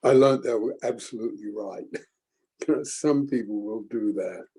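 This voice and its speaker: An older man leading a group forum, teaching in a slow, halting way with many pauses and restarts. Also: lowish voice, mellow, poor audio. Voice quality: gravelly, husky. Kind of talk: reflective group teaching talk.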